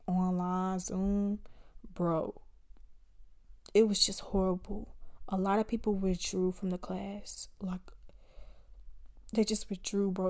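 A young woman in her twenties hosting a podcast, telling stories in a casual, animated and slangy way and addressing listeners directly. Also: medium pitch. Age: 20s. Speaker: podcast host. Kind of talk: casual storytelling chat.

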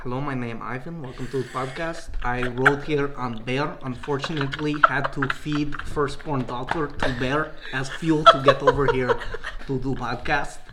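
Young man putting on a deadpan broken-English Russian guy. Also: medium pitch, normal speed, heavy background noise, lightly acted.

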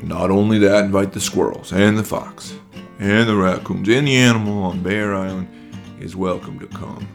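A man as a gentle deep-voiced bear king. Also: fairly even intonation, moderate pace, gravelly, faint music behind. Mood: thoughtful. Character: kindly, modest bear king.

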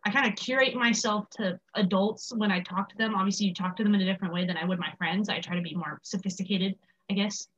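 A woman's voice: medium pitch, fast, fairly bright tone. A teenage American girl chatting casually, rambling and restarting her sentences often. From United States. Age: teens. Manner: rambling, many restarts and fillers. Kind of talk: casual chat. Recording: dull lo-fi sound.

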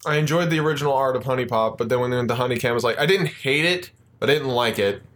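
A man's voice: mid-range voice, racing, a bit bright. A man co-hosting a casual podcast, joking crudely and doing mock-announcer introductions. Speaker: co-host.

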